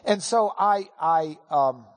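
A man teaching a Bible class, telling an animated, self-deprecating story. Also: fairly high pitch, takes it slowly. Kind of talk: storytelling lecture. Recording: hall with long reverb.

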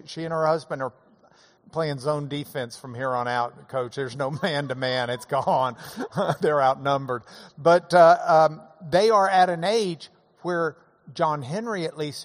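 A man talks in a folksy, easygoing monologue, chuckling as he tells his stories. His voice sits somewhat high for a man, and a long reverb trails after his words as if he were in a hall. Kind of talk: casual monologue.

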